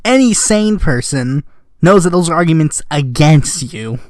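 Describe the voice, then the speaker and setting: A man's voice: on the high side, lively intonation, measured pace, a little mellow, dry recording. A man vlogging in casual commentary, sarcastic and rambling, often correcting himself mid-sentence.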